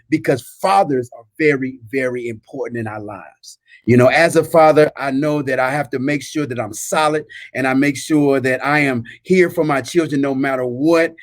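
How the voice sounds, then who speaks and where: A man's voice: fairly high pitch, dry recording. A man hosting a podcast, introducing a guest in a heartfelt, earnest way. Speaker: host.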